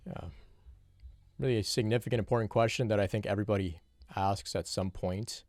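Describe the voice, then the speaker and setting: A man speaking as a spiritual teacher, answering a viewer's question in a reflective, unhurried monologue with frequent restarts. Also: deep voice, steady tone, darkish tone, no room sound, clean studio sound. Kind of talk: solo Q&A monologue.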